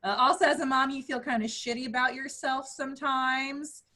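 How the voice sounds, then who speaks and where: A woman in her thirties doing stand-up comedy with a fairly high voice. She tells crude, playful stories and keeps leaping into squeaky mock voices for her punchlines. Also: steady tone, normal speed, pushed and bright. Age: 30s. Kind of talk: virtual stand-up set.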